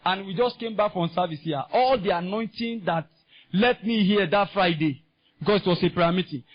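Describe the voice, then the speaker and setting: A man preaching a sermon in a Nigerian English accent, impassioned and climbing into shouts. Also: high-pitched, moderate pace. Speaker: pastor. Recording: dull lo-fi sound.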